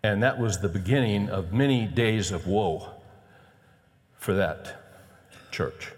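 A middle-aged male pastor telling a story from the pulpit in a conversational, animated way, acting out the people in it. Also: fairly low pitch, slow pace. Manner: conversational, animated retelling with quoted dialogue. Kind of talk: sermon storytelling. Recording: long hall reverb.

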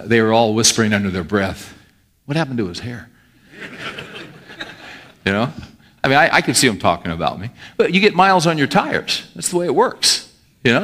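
This middle-aged pastor's voice runs on the low side with a fairly bright tone. He preaches in a conversational manner, regularly questioning the congregation.

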